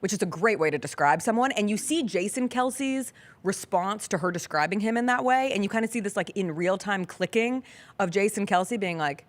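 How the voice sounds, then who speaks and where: A woman's voice: mid-range voice, lively intonation, normal speed. A woman hosting a sports talk show, chatting casually and animatedly, laughing often. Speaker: sports radio show host. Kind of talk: casual chat.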